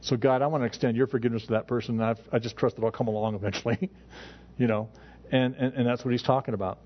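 A middle-aged male pastor delivering a sermon in a mid-pitched, conversational voice. He restarts his phrases often as he works through scripture. The recording sounds dull and lo-fi. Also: steady tone, fast. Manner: conversational preaching with frequent restarts.

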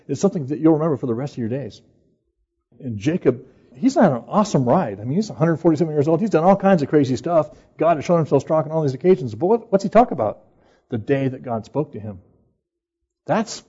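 A man's voice: mid-range voice, warm tone, slightly rough, muffled recording. A man who is a pastor, preaching a sermon in an earnest, conversational way.

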